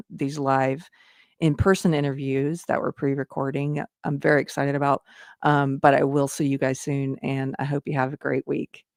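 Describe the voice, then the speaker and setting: A woman's voice: deep voice, darkish tone, no echo, clean studio sound. A woman hosting her own show, talking earnestly and directly to her viewers in a commentary style. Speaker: show host.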